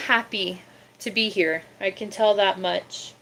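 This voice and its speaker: A young woman chatting casually on her livestream, often cooing at her cat in a soft baby-talk voice. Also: medium pitch, a little slow, vocal fry. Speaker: livestream host.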